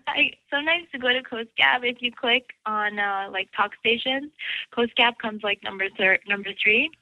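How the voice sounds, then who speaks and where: A woman's voice: on the high side, moderate pace, dry recording, narrow, tinny audio. A woman caller chatting casually, rambling and giggling, with lots of fillers. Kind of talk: casual chat.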